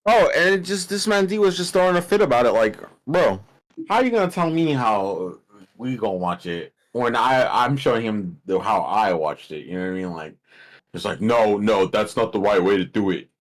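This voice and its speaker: A man's voice: mid-range voice, big pitch swings, normal speed, poor audio. A young man retelling a story in casual podcast chat, rambling with lots of fillers. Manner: rambling, lots of "like" and retold quotes. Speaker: podcast co-host.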